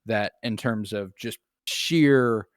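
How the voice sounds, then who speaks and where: A man with a lowish voice speaks slowly, recorded dry with studio quality. He co-hosts a podcast and chats casually about films, loose and profane, with plenty of fillers.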